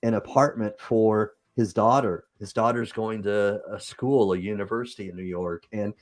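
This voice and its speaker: A man's voice: fairly low pitch, fairly even intonation, normal speed. Guy w/ utah accent hosting a live stream, rambly, improvising, reading comments. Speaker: host. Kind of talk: casual livestream chat.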